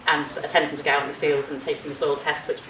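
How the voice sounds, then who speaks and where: A woman's voice: low-pitched, level tone, rapid-fire, background noise. A woman chairing a conference panel, chatty, with many ums and laughs. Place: conference room. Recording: echoey hall, distant mic.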